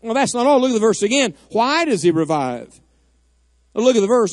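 Fervent high-voiced preacher. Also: male voice, sing-song, moderate pace, dry recording. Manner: fervent, emphatic, rising to cries of prayer. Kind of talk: sermon. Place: church sanctuary.

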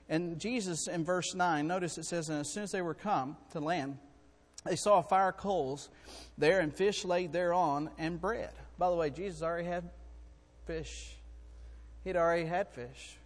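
A man preaching a sermon in a folksy, emphatic way, swinging between loud and quiet. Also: high voice, moderate pace, long reverb tail.

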